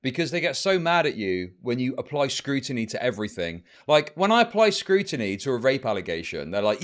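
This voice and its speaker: A man's voice: mid-range voice, very animated, a little fast, hardly any pauses. A man streaming live commentary, ranting at his chat in heated, profane bursts. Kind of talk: livestream commentary.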